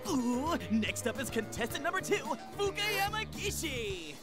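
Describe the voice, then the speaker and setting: A man voicing a rowdy, excitable teenage boy in a video game, loud and bouncy. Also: measured pace, exaggerated voice. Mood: announcer-hammy. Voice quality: high, bouncy, exclamatory. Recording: game audio under music. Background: game music.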